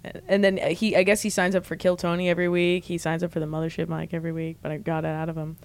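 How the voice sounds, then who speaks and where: A woman's voice: lowish voice, completely flat delivery, fast. Young woman, comedian guest, casual podcast chat, laid-back, filler-heavy, swears casually.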